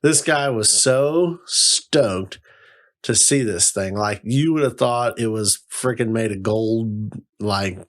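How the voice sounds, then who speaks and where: A man hosting a podcast, telling an animated, profane story full of "like". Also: fairly low pitch, slow. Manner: animated, profane, heavy use of "like". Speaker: podcast host. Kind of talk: casual storytelling chat.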